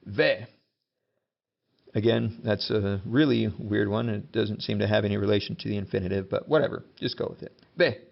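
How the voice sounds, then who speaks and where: A man's voice: fairly low pitch, moderate pace, vocal fry, highs cut off. A male teacher giving a casual, joking lesson, acting out example commands as he goes.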